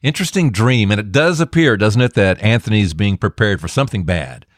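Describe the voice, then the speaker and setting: A man's voice: fairly low pitch, animated, fairly quick, no room sound, clean studio sound. A man hosting a faith podcast, commenting in an emphatic, preacherly way with rhetorical questions. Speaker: podcast host.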